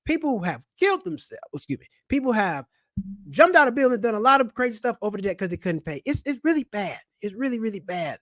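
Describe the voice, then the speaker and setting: A middle-aged man, hosting a casual money vlog in an animated, preachy way full of street slang. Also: high voice, quick pace, no room sound, clean studio sound. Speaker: channel host and comedian. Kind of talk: casual personal finance vlog.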